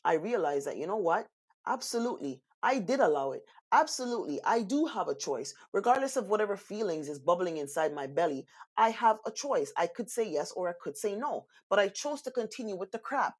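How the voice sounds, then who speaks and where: A woman co-hosting a casual talk, telling stories in an animated way and acting out what people said. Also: medium pitch, fairly quick, hardly any pauses, husky. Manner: animated storyteller, acts out quotes. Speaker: co-host. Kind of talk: casual chat.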